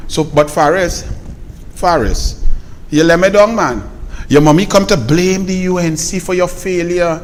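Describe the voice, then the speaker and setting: A man with a Trinidadian accent, giving sarcastic, mocking political commentary. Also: sits high. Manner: sarcastic, mocking, fast-talking.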